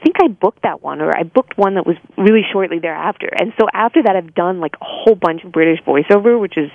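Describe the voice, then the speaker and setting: A woman's voice: on the low side, fast talker, creaky, dry recording. Chatty American woman, dull dry sound. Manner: chatty, laughs often, many fillers. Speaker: guest, singer and voice-over artist. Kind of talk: casual interview chat.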